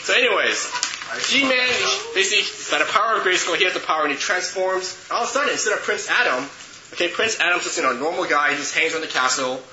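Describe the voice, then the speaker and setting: A man leads a youth group lesson in a loose, chatty way, his voice sitting a little high. He keeps checking in with the group as he talks. The recording is muffled and noisy, with plenty of room echo. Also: animated, fast, pushed and bright. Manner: chatty, checks in with okay and right. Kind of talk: casual teaching to a group.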